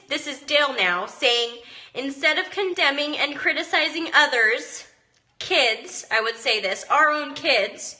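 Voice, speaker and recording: A woman's voice: high-pitched, bright, forceful tone. A young mother reading a passage from a book aloud, earnest and emotional, tearing up at times. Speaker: mom vlogger.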